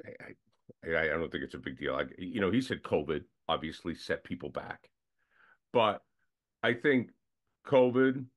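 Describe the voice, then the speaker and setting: A man with a Boston accent hosting a sports podcast, chatty and quick to ask questions. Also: deep voice. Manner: chatty, asks questions, laughs while talking. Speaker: podcast host. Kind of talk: casual sports talk.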